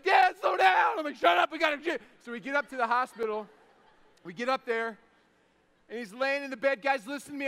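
A man in his thirties delivers an energetic sermon with an unusually high, bright and smooth voice. He tells stories with big swings, shouting the punchlines and going hushed when the moment turns tender. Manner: animated, shouts punchlines, drops to soft tones for emotional moments.

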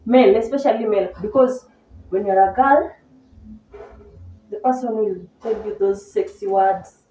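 A woman's voice: medium pitch, normal speed, dark tone. A young woman from Kenya, the host's best friend, answering and teasing in a casual chat. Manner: teasing, laughing, mixes in Swahili. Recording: echoey room, distant mic, hiss.

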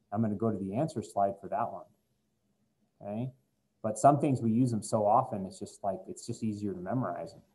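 A man's voice: mid-range voice, mellow, rough recording. A man teaching a chemistry lesson to his students in a chatty, joking way, walking them through worked examples. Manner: jokey, chatty, talks straight to students. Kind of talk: recorded classroom lecture.

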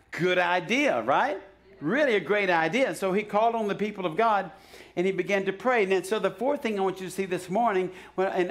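Brief: male pastor, high voice, casual sermon that builds to shouted urging, church service. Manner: conversational preaching that swells to loud, shouted exhortation; joking asides and frequent restarts. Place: church sanctuary.

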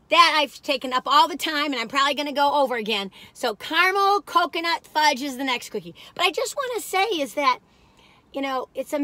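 A woman's voice: high-pitched, pushed and bright, no echo. An older woman, rambling in a folksy, exclamatory way while reviewing cookies on her vlog. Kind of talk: casual chatty food review.

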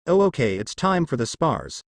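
A man voicing a friendly adult ninja teacher who calls out names and results briskly. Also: on the high side, very animated, no echo, studio quality. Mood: announcing.

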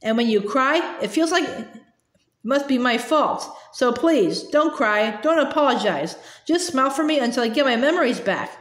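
A woman's voice: high voice, expressive, moderate pace, a bit bright, reverberant. A woman voicing an earnest, kind-hearted teenage boy hero while reading a storybook aloud.

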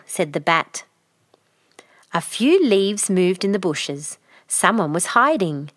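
A woman reading a children's picture book aloud in a gentle, expressive storytelling way. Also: mid-range voice, slow pace, no echo, studio quality.

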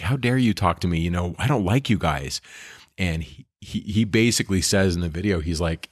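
A man with a very low, deep voice, retelling scripture stories in an earnest, enthusiastic way. He co-hosts a casual discussion and acts out the dialogue as he goes. The sound is dry and close, with no room echo. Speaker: podcast co-host.

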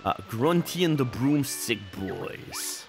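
Brief: man, let's play host, slow and animated, self-mocking banter. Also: mid-range voice, faint music behind. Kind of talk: casual gaming commentary.

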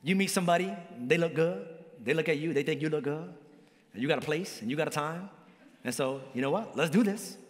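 Man, pastor, lively joking sermon, high voice, long hall reverb. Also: brisk. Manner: lively, joking preacher with big swings in pitch. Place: church hall.

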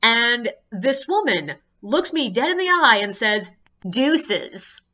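Woman, tour guide, casual storyteller, sharp bright tone, slightly muffled recording, exasperated and swears. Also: unhurried. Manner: animated, acts out guests in high squeaky voices.

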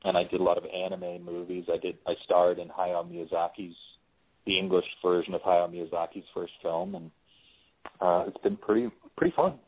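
A low-voiced man chats easily as an interview guest, often restarting his sentences. His voice comes through a thin, phone-like line that cuts the lows and highs. He sounds relaxed and unhurried, like a working writer and voice actor. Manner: relaxed, chatty, frequent restarts. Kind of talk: casual interview chat.

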